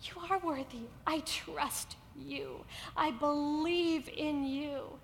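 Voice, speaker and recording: A woman's voice: sits high, steady tone, slow, vocal fry, long reverb tail, slight background noise, pitched below the performer's own voice, exaggerated voice. A woman voicing God as a tender, fatherly encourager in a sermon. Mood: encouraging.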